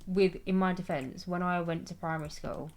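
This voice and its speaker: With slight background noise, a young woman streams a game in a lowish, steady, slightly mellow voice at normal speed. She reads chat aloud and chats casually, rambling and often laughing at herself.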